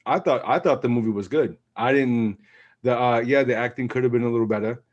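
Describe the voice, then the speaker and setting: A man hosting a casual podcast in a relaxed, easygoing way, leading the segments. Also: mid-range voice, a little fast, dull audio. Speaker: podcast host. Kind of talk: casual sneaker podcast chat.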